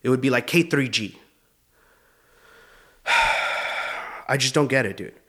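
Profane comedian riffing casually. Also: male voice, medium pitch, animated, measured pace, sharp tone. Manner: loose, profane, keeps saying dude. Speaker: comedian host. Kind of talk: comedy podcast monologue.

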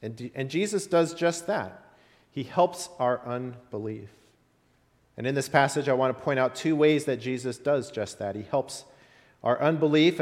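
A man preaching a sermon as pastor, telling stories with rising and falling emphasis. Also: medium pitch. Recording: long hall reverb.

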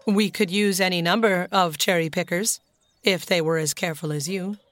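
A woman's voice: on the low side, fairly even intonation, moderate pace, natural voice. Woman reading a jovial doctor. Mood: amused. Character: kindly grown man, a doctor, jovial.

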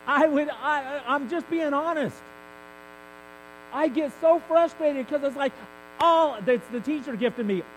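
Man, high voice, candid conversational preacher, faint mains hum behind. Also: a little slow, poor audio. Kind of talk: sermon.

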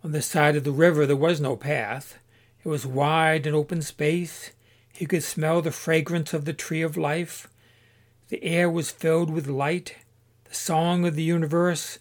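This is scripted audiobook narration: a fairly high-pitched man reading a story in an even, measured way.

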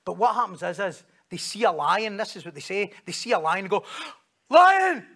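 A man's voice: high-pitched, fast, a bit bright. A man with a Scottish accent preaching a sermon, telling stories, joking and acting out the voices of the people he quotes.

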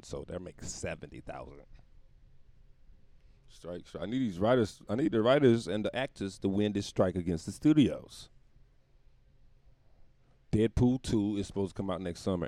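Guy doing a solo podcast rant, low voice that jumps all over, cussing and laughing, super dry sound. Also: mellow, dry recording. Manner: profane, rambling, laughs at own jokes. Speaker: podcast host. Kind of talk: casual comedic monologue.

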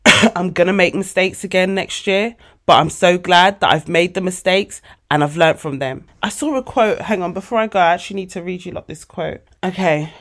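Woman, 40, podcast host, animated, emotional, chatty motivational monologue, lowish voice. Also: normal speed. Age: 40s. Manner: animated, emotional, addresses listeners as babes.

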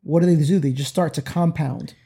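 A man's voice: a little high, brisk, gravelly, mellow, breathy edge. A man reflecting on forgiveness in a candid faith talk, often repeating words as he searches for them.

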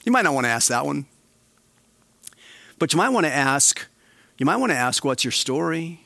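A male pastor preaching a sermon, swinging between quiet, slow emphasis and animated, raised passages. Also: on the high side, vocal fry, no room sound.

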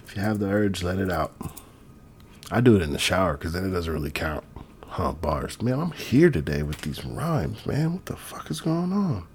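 A man's voice: deep voice, lively intonation, moderate pace, a little mellow, a little hiss or hum. A man talking in a loose, rambling, profane casual monologue. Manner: rambling, profane, laid-back. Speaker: vlogger.

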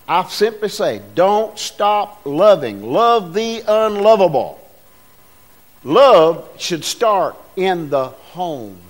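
A man preaching a sermon as pastor, folksy and rousing, calling out to the congregation. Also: high-pitched. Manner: folksy, call-and-response preaching with rising bursts.

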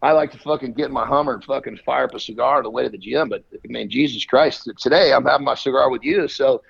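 A man's voice: medium pitch, fast, vocal fry, breathy edge. A man hosting a casual, profane chat, blunt and boastful, cursing in nearly every line. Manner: swears constantly, blunt and boastful. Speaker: podcast host. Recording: dull lo-fi sound.

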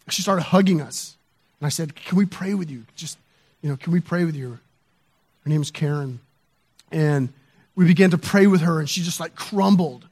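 A man's voice: on the high side, a little mellow. A man pastor telling a neighborhood story in a sermon, chatty and loose, with fillers and restarts.

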